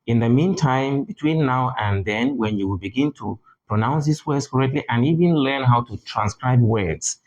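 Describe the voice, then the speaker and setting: A man teaching English pronunciation in a deliberate manner, repeating key words for emphasis. English is not his first language. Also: mid-range voice, a little mellow, muffled recording. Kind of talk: spoken lesson.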